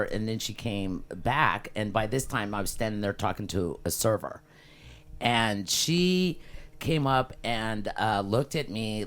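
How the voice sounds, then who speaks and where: A woman in her fifties, a podcast co-host, telling stories in casual chat and swearing freely. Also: rumbling low. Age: 50s. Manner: animated storyteller, swears freely.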